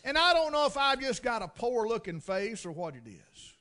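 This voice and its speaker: Southern guy spinning a yarn, high voice jumping all over. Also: very animated, normal speed, sharp tone. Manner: drawling, folksy, dry humor. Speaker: storyteller. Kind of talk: folksy storytelling.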